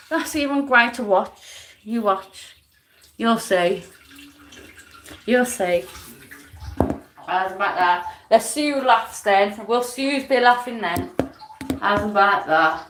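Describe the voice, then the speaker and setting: A woman's voice: high voice, background noise. A woman in an angry, swearing live-stream rant, repeating herself and making threats.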